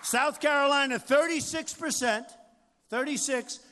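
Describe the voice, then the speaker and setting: Unhurried and extremely high-pitched, a man in his sixties addresses a big rally, bragging, repeating himself, and playing off the audience. The campaign speech echoes with long hall reverb over faint crowd noise.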